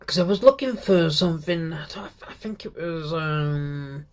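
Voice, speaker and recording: Brief: British-born male YouTuber, slow unhurried delivery, excitable and rambling. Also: fairly high pitch. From Britain. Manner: rambling and excited, many restarts. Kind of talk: casual vlog recap.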